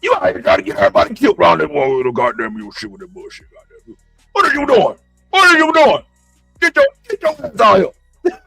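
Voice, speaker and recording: An enraged, cursing man, done by a man, his voice bursting high and loud before it drops into a low, threatening calm. The sound is dry and close. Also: unhurried, no echo, faint music behind. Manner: swearing, yelling, then menacingly calm. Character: furious man from a TV show, middle-aged, explosive.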